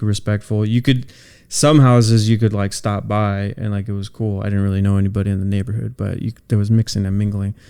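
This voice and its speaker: A man co-hosting a podcast in casual chat, talking in a relaxed, reflective way with many fillers. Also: lowish voice, clean tone. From Southern California. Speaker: podcast co-host.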